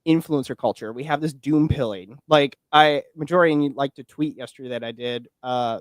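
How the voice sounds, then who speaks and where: A man's voice: medium pitch, moderate pace, hardly any pauses, dry recording, clean studio sound. A man in his twenties chatting casually about politics, rambling, with many fillers and restarts. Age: 20s. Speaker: podcast guest and political commentator.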